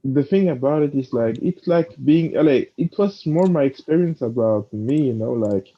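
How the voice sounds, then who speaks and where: A man from Belgium in a casual chat, telling a story in a halting way with many fillers. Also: medium pitch, lively intonation, breathy edge. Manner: halting, full of fillers, laughs easily. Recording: dull lo-fi sound.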